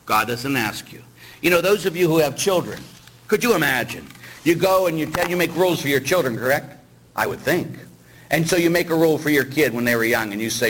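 A man's voice: a little high, very animated, fairly quick, fairly bright tone, a little hiss or hum, rough recording. A middle-aged man, a priest, preaching a sermon with rhetorical questions and acted-out voices. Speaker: Catholic priest.

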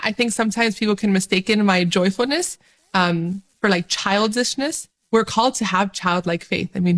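A woman talking about her faith to camera, with a cheerful, animated delivery. Her voice sits at a middle pitch, but it jumps up brightly when she gets excited. She laughs often as she speaks. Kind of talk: faith-sharing video talk.

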